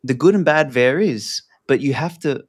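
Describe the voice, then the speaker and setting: A man appears as a podcast guest, talking in a loose, rambling way full of fillers and casual swearing. His voice is mid-range and animated, with a breathy edge, at a normal speed.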